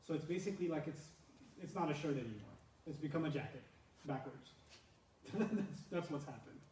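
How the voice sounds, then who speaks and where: A man with a high, mellow voice teaches a scripture lesson, animated and quick to laugh as he acts out the story. He sounds a little distant from the mic in an echoey room. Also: slight background noise. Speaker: religious lecturer.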